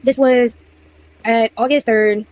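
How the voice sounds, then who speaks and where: A woman's voice: on the high side, fairly even intonation, slow pace, darkish tone, rough recording. Rambling young woman telling a storytime. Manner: rambling, apologetic, loses her place. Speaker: vlogger. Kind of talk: casual storytime. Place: indoors at home.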